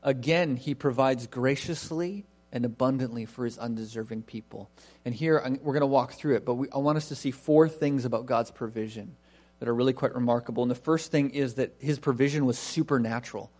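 A man's voice: mid-range voice, brisk, a little mellow. A man preaching a sermon, reading scripture and asking the congregation questions in an earnest way. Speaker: pastor.

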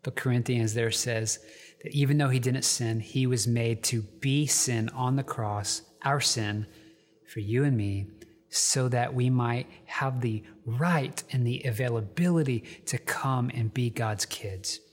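Male pastor, casual storytelling sermon from home, mid-pitched, long reverb. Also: unhurried. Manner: conversational, storytelling with many fillers and restarts. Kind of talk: informal sermon.

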